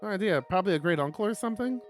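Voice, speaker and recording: A man's voice: high-pitched, animated, rapid-fire, faint music behind, voice pushed up. A man reading the lines of an anxious, laid-back stoner ram in a visual novel, in a mild, offhand way.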